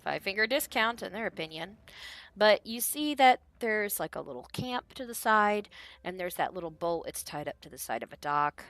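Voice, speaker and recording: A woman runs a tabletop game as game master, narrating in a loose, casual way full of fillers. Her voice sits at a middle pitch, and the recording is dry and close with no room around it. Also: sing-song, normal speed, a bit bright, dry recording.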